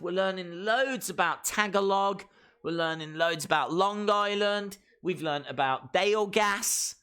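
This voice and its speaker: A man's voice: fairly high pitch, pushed and bright. A man hosting a live reaction stream, chatting playfully and reading viewer comments aloud.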